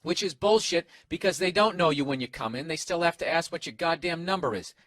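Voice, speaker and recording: A man with a somewhat high voice rants on a comedy podcast, sarcastic and full of swearing. He records alone in a hotel room on one microphone, and the sound is close and dry. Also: a little fast, fairly bright tone, no echo. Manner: profane, sarcastic, acts out quoted voices. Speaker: podcast host. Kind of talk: casual comedic rant. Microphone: single microphone, no headphones.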